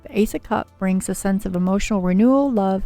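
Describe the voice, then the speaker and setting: Gravelly-toned woman reading tarot on a livestream. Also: mid-range voice, fairly quick, warm tone, soft background music. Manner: soothing, chatty, reads viewer names and card meanings. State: slightly scratchy voice from a cold. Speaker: tarot reader and livestream host.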